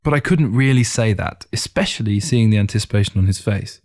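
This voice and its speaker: A man narrating a first-person short story in a calm, measured, reflective reading. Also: on the low side. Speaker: audiobook narrator. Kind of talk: scripted narration.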